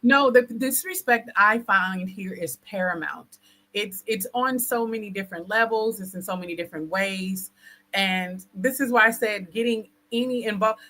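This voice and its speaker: A woman leads a casual conversation, her voice bright and forceful. She speaks bluntly and deliberately, pressing each point with assertive conviction. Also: mid-range voice, rough recording.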